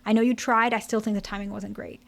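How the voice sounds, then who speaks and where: A woman voicing a grown husband who yelled at his wife, speaking in a plain, everyday way as she quotes him. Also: mid-range voice, flat delivery, fast, gravelly, lightly acted. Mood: apologetic. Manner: defensive then apologetic, plain speech.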